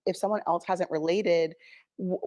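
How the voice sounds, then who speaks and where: A woman's voice: lowish voice, fairly even intonation, moderate pace, mellow. A woman hosting an interview, asking questions and affirming her guest. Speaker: interview host. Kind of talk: conversational interview.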